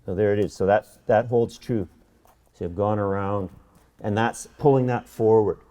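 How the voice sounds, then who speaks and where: Man, middle-aged, painting teacher, eager chatty demo, stumbling restarts, mellow tone. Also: on the low side, fairly even intonation, moderate pace. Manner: enthusiastic, chatty, many restarts and repeated words. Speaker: painting instructor. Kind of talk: painting demonstration. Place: art studio.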